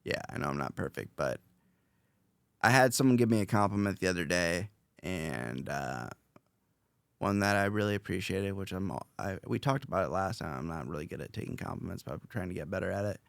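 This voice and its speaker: A man's voice: low voice, expressive, a little fast, gravelly, no room sound, studio quality. A young man hosting a podcast, talking casually in a rambling, self-reflective way with many fillers and restarts. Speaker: podcast host, interviewed as guest.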